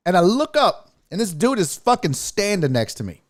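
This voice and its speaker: A man's voice: high voice, sing-song, moderate pace, no echo, studio quality. A man hosting a sports podcast, telling a story in a casual, profane, mock-outraged way. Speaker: comedian and sports podcast host.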